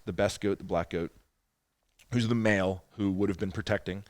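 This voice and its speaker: A man hosting a podcast, telling a story in a loose, casual way, swearing freely and getting loud when he acts out quotes. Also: fairly low pitch, a little fast, no room sound. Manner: animated storyteller, gets loud acting out quotes. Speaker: podcast host.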